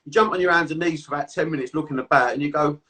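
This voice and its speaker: A man's voice: a little high, very fast, sharp tone, distant mic. A man in a casual chat, telling stories in a sweary, easygoing way. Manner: storytelling, sweary, laughs easily. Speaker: podcast host.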